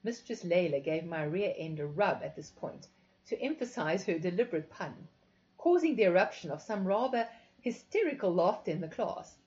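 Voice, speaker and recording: A woman narrating a first-person story in an expressive, confessional reading. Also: mid-range voice. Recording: dull lo-fi recording.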